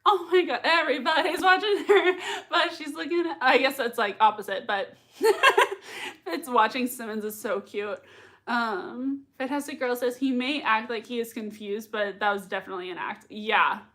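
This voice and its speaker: Young woman streamer, high bright voice, gushing, giggly, chatty and loose with plenty of fillers. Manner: gushing, quick to laugh, many fillers. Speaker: livestream reaction host. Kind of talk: casual live chat reading comments.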